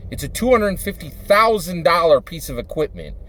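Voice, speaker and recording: A man's voice: fairly high pitch, sing-song, quick pace, few pauses, a bit bright, a little hiss or hum. A man from Philadelphia, a YouTuber and dungeon master, talking in a casual monologue that rambles with fillers and asks "right?" again and again. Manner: rambling, with many fillers and repeated tags of "right?".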